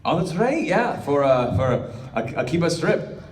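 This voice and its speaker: A man's voice: on the high side, big pitch swings, moderate pace. A man, a voice actor, chatting animatedly on a convention panel. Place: large indoor convention hall. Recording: echoey hall from far off.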